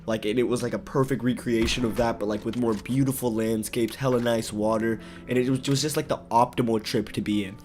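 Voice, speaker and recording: Young guy vlogger, casual animated storyteller, mid pitch, heavy slang. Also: a little fast, hardly any pauses. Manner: animated, slangy, swears a lot.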